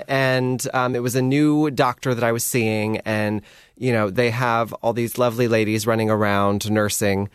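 A man's voice: medium pitch, smooth, dry recording, studio quality. A man co-hosting a casual chat show, sleepy and giggly, joking at his own expense. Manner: self-mocking, giggly. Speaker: podcast co-host.

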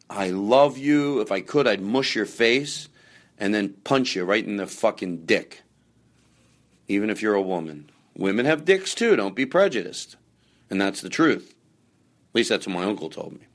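A man with a low voice hosts a podcast, rambling through comic stories. He jumps between loud outbursts and mumbled asides. The sound is dry and close. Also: lively intonation, a little slow, pauses often, dry recording. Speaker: podcast host. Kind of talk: rambling comedic storytelling.

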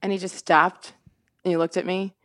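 Fast, animated woman telling a story. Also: lowish voice, no room sound. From Indiana, USA. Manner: animated, quick and laughing, with many restarts. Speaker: sportscaster guest. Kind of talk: casual storytelling on a podcast.

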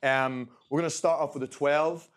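A man's voice: on the high side, fairly even intonation, normal speed. A Scottish man in his twenties presenting a tasting to a live audience, chatty and repeating phrases for emphasis. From Scotland. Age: 20s. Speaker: brand ambassador presenting a tasting. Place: event room with a live audience.

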